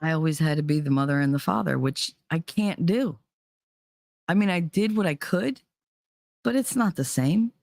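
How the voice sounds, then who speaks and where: A woman's voice: deep voice, lively intonation, normal speed, gravelly, a little mellow, no echo, clean studio sound. A middle-aged woman with a New Jersey accent, talking candidly and bluntly on her podcast, swearing freely. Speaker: podcast host, parent. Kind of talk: casual candid talk.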